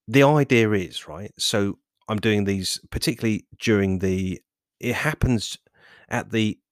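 A man's voice: low voice, no room sound, clean studio sound. A man hosting a fitness podcast, talking in a rambling, self-correcting monologue. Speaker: podcast host.

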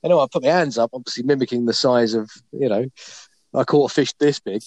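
A man's voice: mid-range voice, fast, darkish tone, no room sound. A man hosting a podcast, telling a bawdy anecdote in a casual, laughing way. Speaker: podcast host. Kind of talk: casual storytelling.

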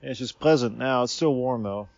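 A podcast host sits outdoors under a tree near a river in the evening and talks in a rambling, unhurried way, pausing on fillers. His man's voice sits in the middle range. The recording is dull and lo-fi, with a dry, close sound. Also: medium pitch, creaky, darkish tone, dry recording. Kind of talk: casual spoken musing.

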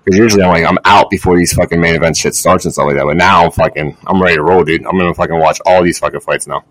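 A man's voice: low voice, fairly even intonation, racing, a bit bright, no echo, low-quality recording. A young man co-hosting a podcast, chatting in a laid-back way with lots of swearing. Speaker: podcast co-host. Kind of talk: casual sports chat.

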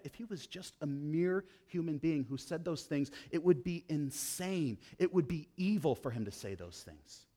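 A man preaching a sermon to a congregation, swinging between loud, emphatic lines and low, hushed ones while addressing the listeners directly. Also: lively intonation, moderate pace, few pauses. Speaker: pastor.

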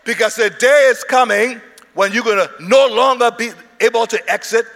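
A preacher delivering an emphatic sermon, repeating words and rising into shouts. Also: male voice, very high-pitched, normal speed. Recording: hall reverb.

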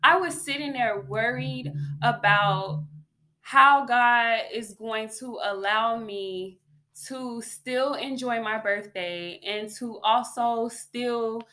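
A woman vlogger sharing a faith testimony in a casual, animated way, often calling her viewers y'all. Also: fairly high pitch, slow pace.

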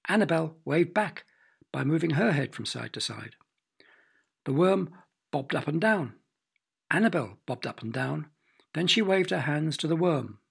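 A man narrating a children's storybook with expressive, playful sound effects. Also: a little high, measured pace, vocal fry, long pauses, slightly rough.

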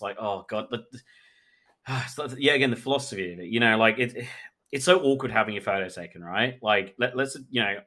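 Candid, swearing male photographer. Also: lowish voice. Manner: candid, swears freely, animated. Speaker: photographer guest. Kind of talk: casual interview chat.

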